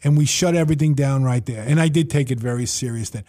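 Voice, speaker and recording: A man's voice: mid-range voice, fast. A man telling stories in a casual podcast chat, acting out his own and others' lines as he goes. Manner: animated storyteller, quoting himself and others. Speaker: facility owner and manager. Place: table in his facility.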